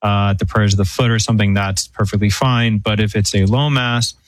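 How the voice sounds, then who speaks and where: Man, priest, low voice, measured, explanatory, dry studio sound. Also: fairly even intonation, no room sound, rough recording. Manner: measured, explanatory, many fillers. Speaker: priest answering questions. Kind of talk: radio call-in advice.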